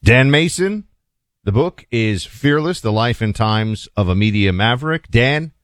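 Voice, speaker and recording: A man's voice: medium pitch, lively intonation, unhurried, dry recording, studio quality. A male radio talk show host interviewing a guest politely and eagerly, then reading a sponsor spot. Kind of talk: interview and live ad read.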